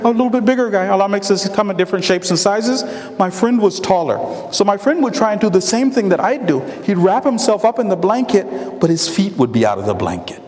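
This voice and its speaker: Male preacher, high-pitched, lively storyteller, reverberant hall sound. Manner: animated storytelling with quoted voices. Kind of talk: sermon storytelling.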